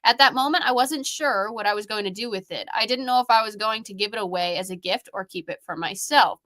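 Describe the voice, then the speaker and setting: Bright-voiced playful woman. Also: medium pitch, a little fast. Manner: playful, laughing, teasing. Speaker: co-host, paranormal investigator. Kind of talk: casual podcast chat, reading a case file aloud.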